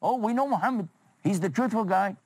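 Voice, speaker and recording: A man voicing an eager, excitable crowd of townsmen, calling out in a high, breathless voice. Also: a little fast, breathy edge, no echo, exaggerated voice.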